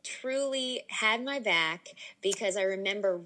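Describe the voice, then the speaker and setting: A young adult woman telling a story as a podcast guest in a casual, animated way, with lots of "like" fillers. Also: mid-range voice, a little slow. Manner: animated, many "like" fillers, excitable.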